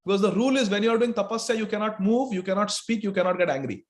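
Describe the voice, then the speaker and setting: High voiced guy preaching, animated storyteller. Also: very fast, hardly any pauses. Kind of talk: sermon storytelling.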